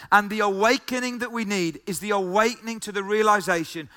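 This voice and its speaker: A man delivers a sermon in a high, ringing voice. He keeps circling back to the same phrases and throws questions at the listeners. His tone stays bright and forward. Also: a little fast, few pauses. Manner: emphatic, repeats key phrases, asks the listeners questions. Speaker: pastor.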